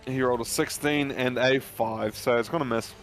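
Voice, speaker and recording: A man's voice: mid-range voice, fairly even intonation, normal speed, creaky, soft background music. A man running a tabletop game as game master, narrating loosely and hesitantly with many fillers. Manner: loose, hesitant narration full of ums and likes.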